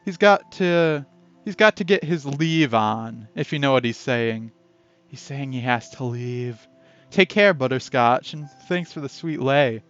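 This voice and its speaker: A man reads a text game aloud in a relaxed playthrough, stopping now and then to chat and comment. His voice sits at an average pitch. The sound is dull and lo-fi, with faint background music. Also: unhurried, smooth. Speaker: game player and narrator.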